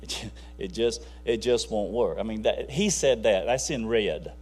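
A man's voice: fairly low pitch, a little slow, a little mellow. A man preaching a conversational, folksy sermon with bursts of emphasis.

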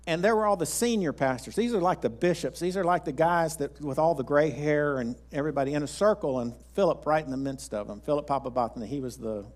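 A man with a slightly raised pitch delivers a sermon. He tells stories in a folksy, rambling way, often restarting his sentences. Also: fast talker, hardly any pauses. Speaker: pastor. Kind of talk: sermon with storytelling.

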